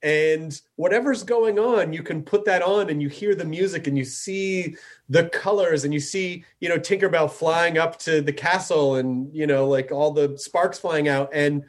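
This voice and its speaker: A middle-aged man with a fairly high voice hosts a loose conversation. He talks eagerly, with lots of filler words and casual swearing. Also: moderate pace. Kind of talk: casual podcast chat.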